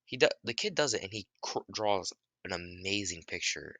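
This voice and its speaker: Lively rambling man telling a story. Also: sits low, normal speed, no room sound, studio quality. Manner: rambling, with restarts and profanity. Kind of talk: casual story retelling.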